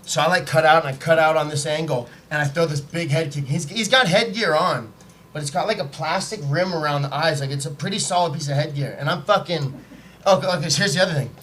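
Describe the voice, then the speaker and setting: A man telling a story in casual podcast chat, animated and profane, acting out what people said. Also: on the high side, fast talker, a little hiss or hum. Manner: animated, profane, acts out quotes. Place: podcast studio, live.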